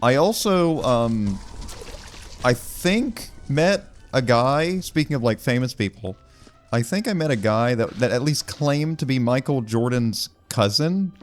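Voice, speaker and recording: A man's voice: mid-range voice, expressive, measured pace, soft background music. A young man doing casual gameplay commentary, telling rambling, wry stories with lots of fillers. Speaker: gaming video creator.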